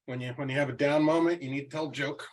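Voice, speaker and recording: Chatty, joking podcast host. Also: male voice, fairly high pitch, steady tone, fast, low-quality recording. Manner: chatty, jokey storyteller. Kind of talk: casual interview chat and anecdote.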